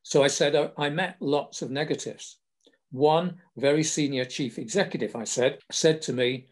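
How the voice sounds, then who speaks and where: An older Englishman hosts a podcast, his voice a little high and his pace moderate. He tells wry anecdotes in a casual storytelling way, with a self-deprecating sense of humour.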